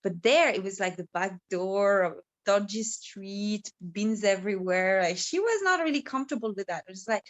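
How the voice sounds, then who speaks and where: A woman's voice: medium pitch, expressive, normal speed, hardly any pauses, lo-fi sound. A woman casually telling a story, rambling with many fillers and giggles.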